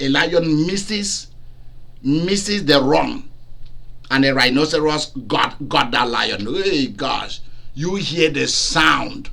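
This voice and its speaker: A man preaching a lively sermon, acting out cries and quotes and laughing often. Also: on the high side, vocal fry. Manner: animated, laughing, acts out cries and dialogue.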